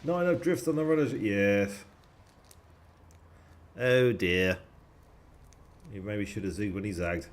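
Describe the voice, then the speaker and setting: A man's voice: lowish voice, slow, pauses often. A young man commentating a sim race on a live stream, chatty and jokey, with casual swearing and thanks to subscribers.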